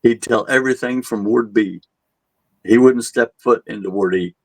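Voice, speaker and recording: A man's voice: mid-range voice, moderate pace, no room sound, low-quality recording. A man working as a tour guide, telling a story casually and animatedly, acting out what people said and chuckling at his own jokes. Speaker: haunted asylum tour guide.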